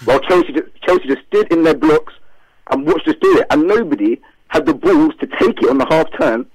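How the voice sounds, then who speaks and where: Brief: male fan caller, livid and emphatic, husky dry phone-in sound. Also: on the high side, huge pitch swings, a little fast, a little mellow, no echo, poor audio. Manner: frustrated, emphatic football fan.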